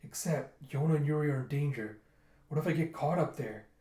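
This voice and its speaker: A man casually retelling a manga chapter for his readers, slipping into quick voices for the characters. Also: a little high, mellow, reverberant. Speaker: manga reviewer reading aloud.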